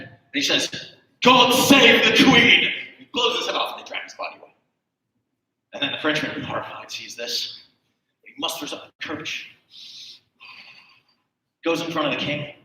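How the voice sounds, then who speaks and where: Man, stand-up joke teller, animated delivery, bright tone, distant mic, booming hall echo. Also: moderate pace, long pauses, a little hiss or hum. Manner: animated storyteller, acts out character lines loudly. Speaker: comedian telling a joke. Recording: echoey hall from far off.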